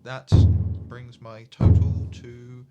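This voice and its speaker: A man playing a tabletop game, speaking in character in a polite, measured way. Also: mid-range voice, monotone, lo-fi sound. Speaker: player. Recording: background music.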